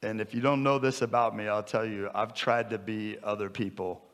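A man's voice: on the low side, steady tone, moderate pace, fairly bright tone. Joking, conversational male preacher in his fifties. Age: 50s. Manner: conversational and joking, building to emphatic repetition. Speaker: pastor. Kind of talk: sermon.

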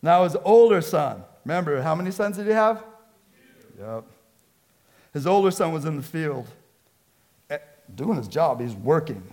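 A man's voice: fairly high pitch, very animated, normal speed, long pauses, a little mellow. A man preaching a sermon as pastor, emphatic and conversational, and he mixes in casual slang.

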